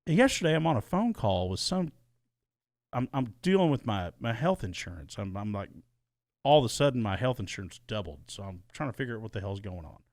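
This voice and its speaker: A podcast co-host chats casually, rambling and restarting his sentences in a small soundproofed studio with no room sound. His voice is on the low side, animated and a little mellow, and he speaks fairly quickly.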